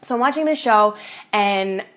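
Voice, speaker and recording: A woman's voice: mid-range voice, normal speed, fairly bright tone. A woman fitness coach talking to camera in a casual confessional vlog, rambling with fillers and restarts and swearing casually.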